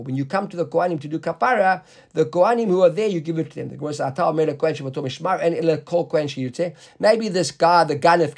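In a casual Talmud class, a high-pitched man with a darkish tone reads the Aramaic text slowly and then paraphrases it in English. He explains as he goes and quizzes the class with quick questions.

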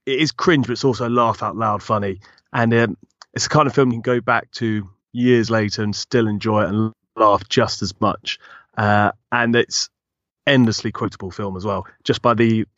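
A man giving measured opinions in a casual chat about films. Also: on the low side, a bit bright, no room sound. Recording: dry, dull lo-fi mic.

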